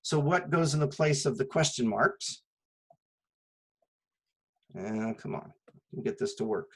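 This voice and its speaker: A male math teacher with a mid-range, fairly bright but husky voice lectures at a measured pace. Patient and methodical, he asks rhetorical questions and then answers them, in a low-quality classroom recording.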